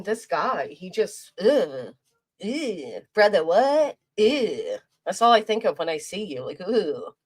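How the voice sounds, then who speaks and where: A woman doing rambling livestream commentary, crude and mocking in a vulgar rant, often restarting her sentences. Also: lowish voice. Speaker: commentary streamer. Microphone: desk microphone.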